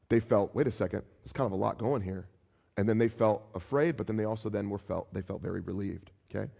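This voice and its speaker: A man preaching as pastor, animated, acting out taunts in a raised voice, with some restarts. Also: mid-range voice, gravelly, long reverb tail. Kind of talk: sermon.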